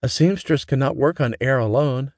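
A man voicing a cheeky, lively young woman who works as a seamstress. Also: mid-range voice, moderate pace, no room sound, clean studio sound, voice pushed up, lightly acted.

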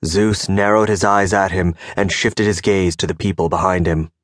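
Measured male audiobook narrator. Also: sits low, fairly even intonation, no echo, clean studio sound. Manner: measured storytelling delivery. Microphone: close studio mic.

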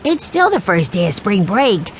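A woman's voice: very animated, a little hiss or hum. A woman narrator voicing an eager, hungry little boy in a children's audiobook. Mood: dreamy. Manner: high, slow and wide-eyed.

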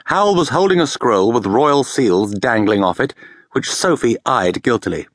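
Expressive man narrating a storybook. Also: medium pitch, moderate pace, no echo, studio quality. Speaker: audiobook narrator. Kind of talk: scripted narration.

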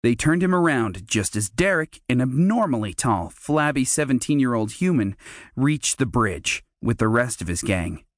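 A man narrating a children's fantasy audiobook in a measured, storytelling manner. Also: mid-range voice, sing-song, no room sound. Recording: dry close studio mic.

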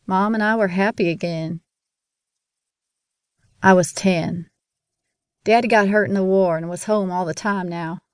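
A woman narrating a first-person audiobook in a measured, grave manner. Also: mid-range voice, steady tone, clear, resonant tone, no echo, studio quality.

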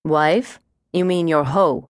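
A woman voicing a sneering male fundamentalist preacher who intones scripture slowly. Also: deep voice, no echo, clean studio sound. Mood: mocking.

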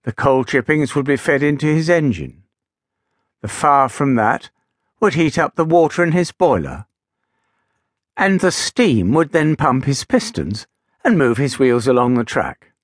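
A man narrating a children's story with gentle, expressive storytelling. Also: medium pitch, measured pace, no echo, studio quality. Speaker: audiobook narrator. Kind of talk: scripted narration for young children.

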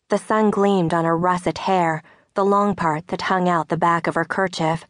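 A woman narrating a novel in a measured, soft-spoken studio read. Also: on the low side, fairly even intonation, no echo. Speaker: audiobook narrator. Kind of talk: scripted narration. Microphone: studio mic.

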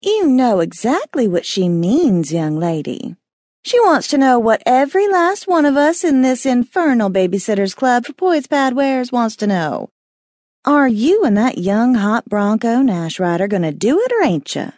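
A woman's voice: fairly high pitch, big pitch swings, a little slow, a little mellow, no room sound, pitched above the performer's own voice. Woman doing a bossy old Southern lady. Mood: scolding.

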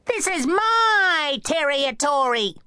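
A man voicing a snappy, territorial male terrier dog in a children's audiobook, squeaky and snarly. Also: big pitch swings, slow, bright, forceful tone, dry recording, studio quality, exaggerated voice. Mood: snappish. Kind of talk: audiobook character voice.

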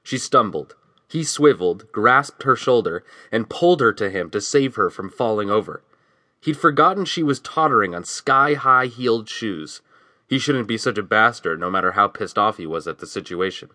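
A man reads a novel aloud in steady, even storytelling. His voice sits a little low yet sounds bright and forward, recorded dry and close with no room sound. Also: moderate pace, no room sound. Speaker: audiobook narrator. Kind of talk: scripted narration.

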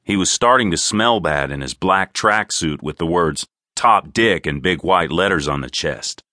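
A man narrating an audiobook in an expressive, crisp storytelling manner. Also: low-pitched, normal speed, no room sound, studio quality. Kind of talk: scripted narration.

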